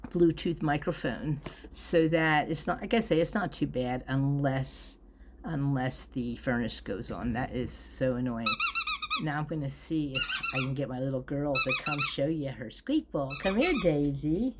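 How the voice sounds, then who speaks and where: Low-voiced woman rambling through a review. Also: huge pitch swings, a little slow, slight background noise. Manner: rambling, self-interrupting, chuckles often. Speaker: vlogger. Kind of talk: casual chatty product review. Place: at home.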